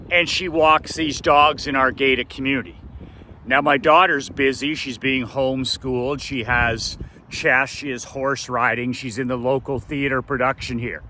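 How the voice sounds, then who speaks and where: A man's voice: mid-range voice, sharp tone, a little hiss or hum. A middle-aged man from Canada, telling a family story in a casual vlog. He is emphatic and repeats phrases for effect. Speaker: business coach.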